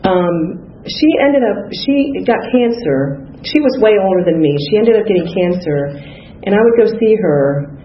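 A woman's voice: medium pitch, lively intonation, normal speed. A woman giving a candid, conversational personal testimony about her recovery, often saying "you know". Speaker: speaker sharing recovery story. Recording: dull, echoey, faintly noisy room.

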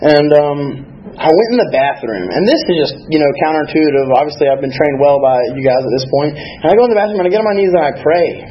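A man's voice: fairly high pitch, lively intonation, fast talker, hardly any pauses, lo-fi sound, a little hiss or hum. A man telling his recovery story at a meeting, candid, rambling and self-deprecating. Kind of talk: personal recovery testimony.

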